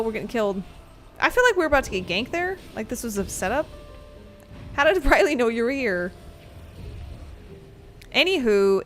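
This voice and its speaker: Chatty laughing woman streamer, faint music. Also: medium pitch. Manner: rambling, laughs often, swears casually. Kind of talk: casual gameplay commentary and storytelling.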